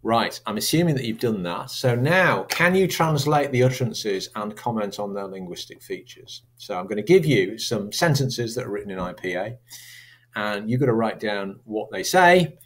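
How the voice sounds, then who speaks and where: A man's voice: fairly low pitch, animated, moderate pace. A man teaching a recorded lesson, chatty and asking his students rhetorical questions. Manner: chatty, asks rhetorical questions, acts out sample accents.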